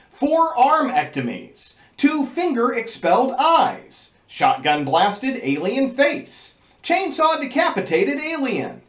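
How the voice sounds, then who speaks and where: A male movie review host with a high, animated voice that swoops up and down as he gleefully reads out a crude, over-the-top list. He takes his time, and the room around him rings with a noticeable echo. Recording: roomy echo.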